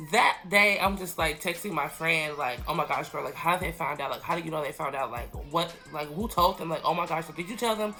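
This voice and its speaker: A man's voice: on the high side, creaky, pushed and bright. A young man in his late teens telling a school story in casual storytime chat, full of "like" fillers and acted-out quotes. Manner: chatty, many "like" fillers, acts out quoted friends. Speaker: vlogger.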